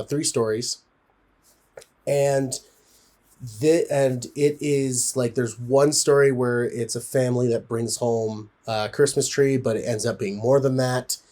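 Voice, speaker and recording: A man's voice: medium pitch, a little mellow. A man giving a casual spoken film review, rambling with frequent fillers and restarts.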